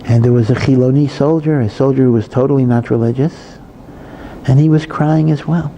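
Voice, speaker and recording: A man's voice: mid-range voice, steady tone, fairly quick, mellow, lo-fi sound, a little hiss or hum. A male rabbi giving a Torah lecture in a conversational way, full of asides and repeated phrases. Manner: conversational, many asides and repetitions.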